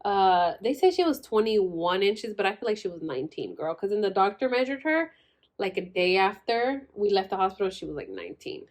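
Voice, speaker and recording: A woman's voice: mid-range voice, very animated, fairly quick. A young woman vlogger telling her birth story in a chatty way, full of "like" and "girl", acting out the other people's lines. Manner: chatty, says "like" and "girl" constantly, acts out quoted voices. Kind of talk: casual storytelling.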